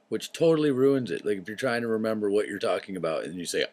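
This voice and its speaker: A man hosting his own show, talking in a loose, rambling monologue that drifts into tangents, swearing freely and clearing his throat often. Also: fairly low pitch, fast, few pauses, darkish tone. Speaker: show host.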